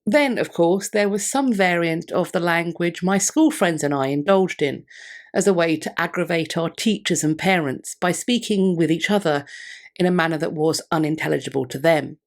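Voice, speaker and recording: A woman presenting a history video in measured, scripted narration, reading out scholarly quotations along the way. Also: fairly low pitch.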